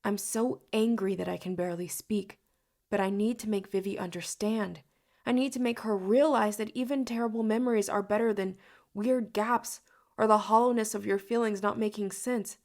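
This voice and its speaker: Woman audiobook reader, first-person narrator, mid pitch, some vocal fry. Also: fairly even intonation, normal speed, darkish tone.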